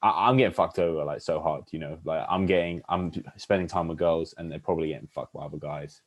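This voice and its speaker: A young man hosts a podcast and chats casually in a rumbling low voice, speaking fast with fairly even intonation. He rambles with lots of fillers and restarts and acts out pickup lines.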